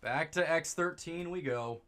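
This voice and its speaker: A young man giving goofy, rambling let's play commentary, breaking into excited high-pitched exclamations. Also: unhurried. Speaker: streamer.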